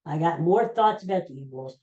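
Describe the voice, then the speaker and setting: A man's voice: fairly high pitch, lively intonation, a little fast, a little mellow, muffled recording. An older man hosting a casual solo podcast, rambling and joking in a folksy way. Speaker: podcast host. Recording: roomy echoey room.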